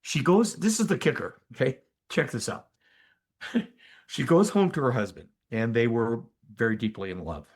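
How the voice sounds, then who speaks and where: An older man, a physician and energy healer, telling a story as a podcast guest in an animated, emphatic way with asides to the listener. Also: medium pitch, normal speed. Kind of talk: conversational storytelling in an interview.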